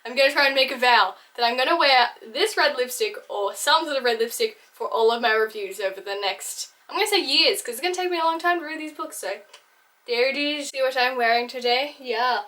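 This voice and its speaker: A woman's voice: high-pitched, lively intonation, a little fast, pushed and bright. A young woman vlogging about books in a casual, bubbly, chatty way. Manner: bubbly, chatty, giggly, full of fillers. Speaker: book vlogger. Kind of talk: casual chat to camera.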